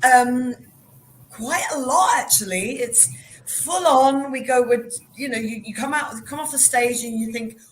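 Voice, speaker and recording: A woman stage actress chatting as a guest in a quick, self-deprecating way. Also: fairly high pitch, reverberant, a little hiss or hum, rough recording. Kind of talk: interview chat.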